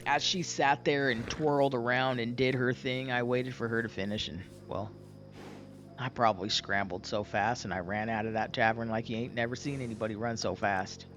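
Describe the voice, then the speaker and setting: A man's voice: medium pitch, steady tone, normal speed, fairly bright tone, soft background music. A young man casually telling a roleplay story in a folksy, rambling way with many fillers and restarts.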